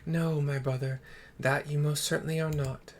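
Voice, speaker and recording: A man's voice: a little high, level tone, darkish tone, a little hiss or hum, close to an everyday voice. A man voicing an ancient female phoenix spirit, speaking solemnly about a lost love. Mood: composed. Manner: solemn, measured storytelling.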